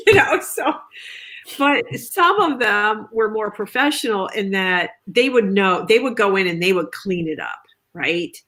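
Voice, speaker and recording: A woman author chatting on a video call, telling stories in a lively way and acting out quoted lines. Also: on the high side, measured pace. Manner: chatty, animated storytelling with quoted asides. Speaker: author guest. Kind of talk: casual video chat.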